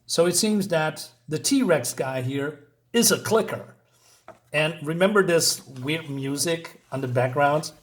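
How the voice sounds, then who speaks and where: A man's voice: a little high, slow pace. A man casually reviewing a comic book, rambling, laughing often and talking through the panels.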